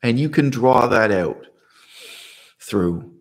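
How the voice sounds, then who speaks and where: A man's voice: medium pitch, animated, slow, creaky. A man talking to camera in a casual, unscripted monologue, rambling with restarts and asides. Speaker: video essayist.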